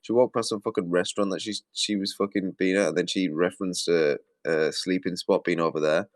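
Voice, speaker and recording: Low-voiced man ranting with heavy profanity. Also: steady tone, brisk, no echo. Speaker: commentary host. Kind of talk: ranting video commentary.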